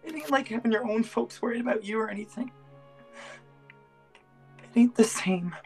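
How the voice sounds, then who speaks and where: A lonely, frightened teenage gang boy, acted by a woman stammers his lines in an amateur stage play. The voice sits high, with faint music behind it. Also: lightly acted. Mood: miserable. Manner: halting, stammering. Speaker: student actor.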